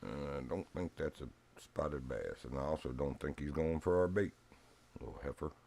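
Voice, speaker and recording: A man's voice: extremely low pitch, lively intonation, normal speed, vocal fry, a little mellow, slightly rough. A man from Virginia streaming a fishing game, telling rambling stories with frequent chuckles. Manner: rambling storyteller, chuckles often. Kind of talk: casual gaming stream chat.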